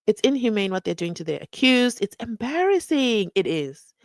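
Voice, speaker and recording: Woman, live-stream host, sarcastic, animated delivery, dry recording. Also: on the high side, moderate pace, no echo. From South Africa. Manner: animated, acts out the people she quotes with sarcasm. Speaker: host of a live stream reading viewer comments. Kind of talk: casual live-stream commentary.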